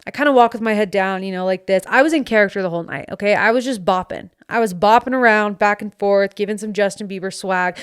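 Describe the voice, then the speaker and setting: A woman hosting a podcast, telling a story in casual chat and acting out her friends' lines in quick put-on voices, recorded close on a studio mic. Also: mid-range voice, smooth. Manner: animated, acts out friends' voices in quotes. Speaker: podcast host. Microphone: studio microphone.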